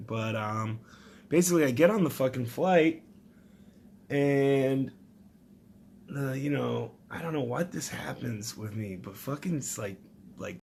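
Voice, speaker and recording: A man telling a rambling, profane comic story, swinging from loud outbursts to low mutters. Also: a little hiss or hum.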